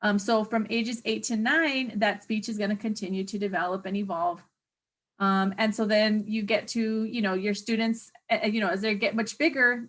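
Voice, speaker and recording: Woman instructor, mid-pitch, casual lecture delivery, filler-heavy, searches for words. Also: fairly bright tone. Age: adult parent of a young child. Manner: chatty, hesitant, many fillers, searches for words. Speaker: teacher educator. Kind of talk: exam review lecture.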